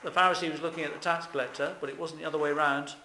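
A man delivers a sermon from the pulpit, earnest and emphatic. His voice sits a little high and sounds bright and forceful. The church around him adds a roomy echo. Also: steady tone, rapid-fire, slight background noise. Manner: earnest, emphatic, with rhetorical questions to the congregation. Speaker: preacher.

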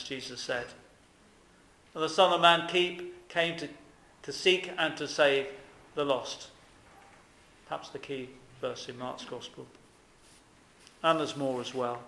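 A man's voice: mid-range voice, fairly even intonation, takes it slowly, long pauses, bright, forceful tone, echoey room. A man preaching a sermon earnestly, with emphatic repetition and rhetorical questions to his congregation.

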